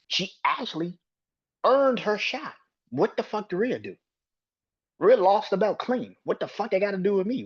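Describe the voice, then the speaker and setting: Profane ranting man, dull lo-fi sound. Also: high-pitched. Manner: ranting, heavy swearing; exasperated rhetorical questions. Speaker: podcast host. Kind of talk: solo wrestling commentary podcast.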